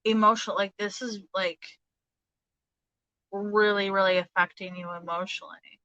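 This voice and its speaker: Brief: thirties woman, bright forceful tone, dry close sound, halting tarot reader full of fillers. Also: mid-range voice, steady tone, no room sound, highs cut off. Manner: hesitant, halting, many fillers and restarts. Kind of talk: casual live tarot reading.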